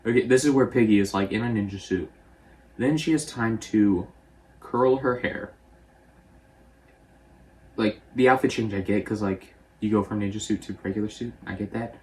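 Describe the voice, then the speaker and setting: A young man casually recapping a movie, rambling and offhand, slipping into quick character voices. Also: on the low side, a little mellow. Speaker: movie reviewer.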